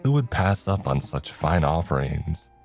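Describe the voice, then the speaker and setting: A man's voice: very deep voice, very animated, a little slow, creaky, a little mellow, faint music behind, full character voice. A man voicing the narrator's sarcastic, wisecracking young friend.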